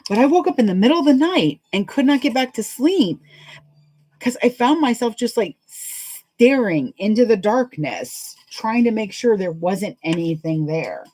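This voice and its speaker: A woman's voice: a little high, sing-song, measured pace, warm tone, poor audio. A woman chatting in a rambling, laughing way as she hosts a live sewing stream. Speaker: sewing livestream host. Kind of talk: casual chat while sewing live.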